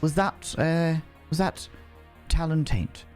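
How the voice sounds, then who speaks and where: A stiff automated bank phone system that answers with flat, robotic politeness, as a male streamer mimics it. The voice sits higher than a man's ordinary pitch. It sounds careful and mechanical, like a recorded menu prompt. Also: slow pace, soft background music.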